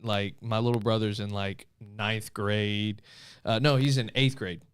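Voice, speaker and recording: A man's voice: on the low side, fairly even intonation, unhurried, smooth. A young man co-hosting a casual podcast chat, telling a rambling story with many restarts. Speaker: podcast co-host.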